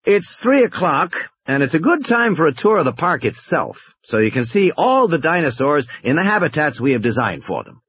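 A man's voice: on the high side, very animated, normal speed, few pauses, slightly rough, no echo, dull audio, voice pushed up. A man voicing a fussy male park official who talks in a firm, polite way.

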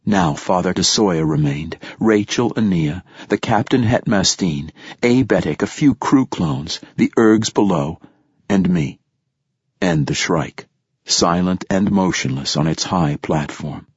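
A man reading a first-person story aloud as narrator, measured and steady. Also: low voice, slightly rough, no room sound, highs cut off. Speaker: audiobook narrator. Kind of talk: scripted narration.

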